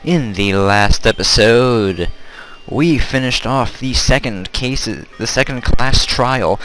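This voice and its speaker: A man's voice: mid-range voice, slow, fairly bright tone. Casual man narrating a visual novel. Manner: casual, wry, swears. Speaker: let's play narrator. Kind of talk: reading a visual novel aloud.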